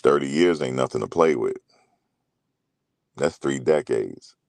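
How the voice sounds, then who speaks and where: A man's voice: very deep voice, expressive, a little slow, gravelly, a little mellow, dry recording. A middle-aged man talking loosely and casually as a commentary host, rambling through stories with slang and profanity.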